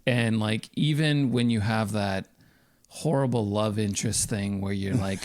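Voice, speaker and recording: A man's voice: on the low side, unhurried, darkish tone, slight background noise. A man co-hosting a podcast, chatting casually about a film, swearing freely and sounding amused and emphatic. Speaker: podcast co-host. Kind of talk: casual movie discussion.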